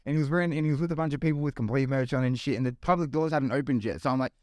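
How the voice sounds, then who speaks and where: A man's voice: mid-range voice, racing, no room sound, clean studio sound. A man hosting a casual podcast chat, telling stories with a lot of laughter and calling everyone "bro". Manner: animated, laughing storyteller, says "bro" constantly. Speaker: podcast host.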